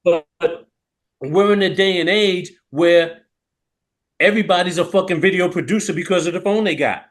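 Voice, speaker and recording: A man co-hosting a podcast makes his points candidly and with emphasis. His voice sits slightly high for a man. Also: moderate pace. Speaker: podcast co-host. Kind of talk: casual chat.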